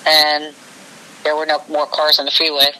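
A woman's voice: sits low, monotone, moderate pace, pushed and bright, rough recording. A woman guest in a casual interview, telling a long personal story in a rambling, breathless way.

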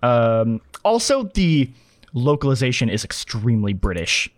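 A man's voice: medium pitch, normal speed, no room sound. Dry, close-miked sound and a mid-range man's voice that stays easygoing. He rambles through a casual podcast chat, leaning on fillers and slipping into acted-out lines now and then. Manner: animated, lots of fillers and acted-out quotes.

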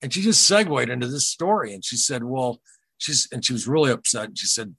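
A man talking as a podcast guest, telling a personal story in an earnest, halting way and often retelling what people said. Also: medium pitch, very animated, vocal fry, fairly bright tone, husky, no room sound. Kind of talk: casual first-person storytelling.

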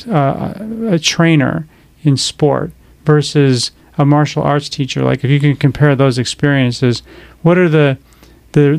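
A man hosting a casual podcast conversation, asking halting questions full of fillers and often finishing the other speaker's sentences. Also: medium pitch, gravelly, a little mellow, clean tone, no room sound. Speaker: podcast host.

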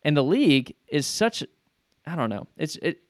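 A man co-hosting a podcast in casual sports chat, speaking in a measured way and reading statements aloud. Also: a little high, very animated, no echo, studio quality. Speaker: podcast co-host.

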